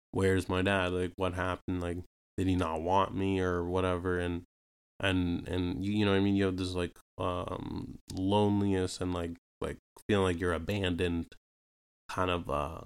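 A man's voice: low voice, creaky, clean tone. A young man from Canada telling a personal story in a casual, rambling way, full of fillers and repeated asides. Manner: rambling, full of fillers like "you know what I mean" and "right". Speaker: podcast host telling his own story.

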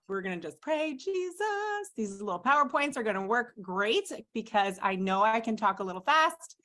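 A woman's voice: mid-range voice, very animated, moderate pace, hardly any pauses, a bit bright. A woman speaking in a chatty, upbeat way on a training call for coaches.

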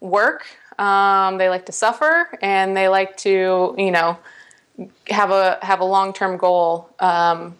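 Brief: woman, podcast guest, rambling chatty delivery, mid-pitched. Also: slow pace, fairly bright tone, clean tone. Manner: chatty, many fillers and restarts. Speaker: guest, Olympic rower. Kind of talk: casual podcast interview.

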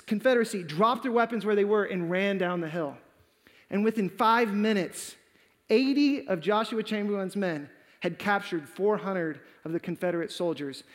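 A man's voice: high-pitched, in a large hall. A man preaching a sermon, telling a story dramatically and acting out the quoted lines. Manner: dramatic, acts out quoted dialogue.

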